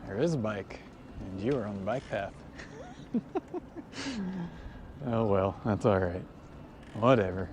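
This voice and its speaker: A man's voice: on the low side, a little slow, long pauses, darkish tone, a little hiss or hum. A man livestreaming while riding a cargo bike outdoors, chatting in a joking, easygoing way. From United States. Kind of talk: casual livestream chat. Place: outdoors on a city bike path in wind. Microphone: camera mounted on a cargo bike.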